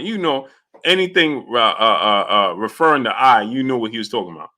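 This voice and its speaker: A man's voice: medium pitch, lively intonation, fast, bright, forceful tone. A man hosting a boxing talk live stream, chatting casually and greeting viewers by name. He rambles loosely, with many fillers and restarts. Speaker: boxing talk show host.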